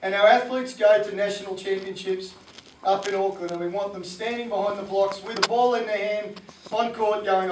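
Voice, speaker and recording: A New man gives an animated motivational talk to fellow coaches, slipping into voices as he goes. His voice sits high for a man. The sound echoes around the room, and the mic is set back from him. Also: normal speed, far from the mic, a little hiss or hum. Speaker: sports coach and presenter.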